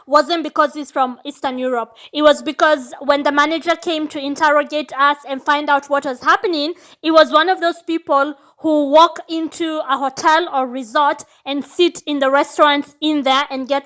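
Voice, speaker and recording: High-voiced animated woman storyteller. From lives in Austria. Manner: animated, acts out dialogue. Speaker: vlogger telling a story. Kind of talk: casual storytelling. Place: indoors near a street parade.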